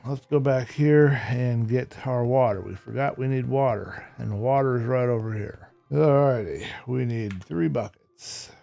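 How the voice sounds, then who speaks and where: A man's voice: medium pitch, measured pace, gravelly, hardly any pauses, mellow. A man giving casual Minecraft gameplay commentary, a little tired and yawning, who likes to explain each step as he builds. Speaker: Minecraft YouTuber.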